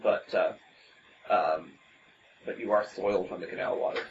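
A man narrating as game master of a tabletop game, halting with many ums and restarts. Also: low-pitched, fairly even intonation. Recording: dull lo-fi recording with faint hiss.

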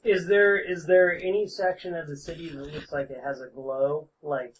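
A man's voice: fairly high pitch, level tone, normal speed. A man playing in a tabletop game, asking questions in a casual way. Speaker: player. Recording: dull lo-fi mic with hiss.

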